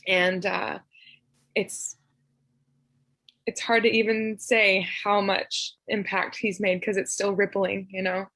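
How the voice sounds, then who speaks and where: A young woman from Tennessee sharing a heartfelt personal remembrance over a video call, soft and emotional, with frequent laughs and fillers. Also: mid-range voice, level tone, takes it slowly, pauses often, no echo, low-quality recording. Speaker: memorial speaker.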